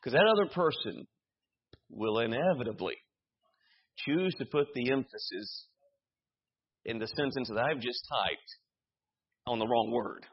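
A pastor preaching a sermon, animated, with humor and quick repetitions. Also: male voice, medium pitch, breathy edge. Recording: dull lo-fi sound.

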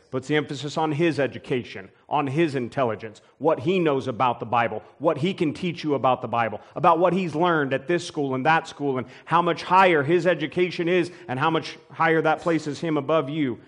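A man's voice: fairly high pitch, brisk. A pastor preaching a sermon in his church, folksy and rambling, full of restarts, and building up to emphatic preaching. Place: church sanctuary.

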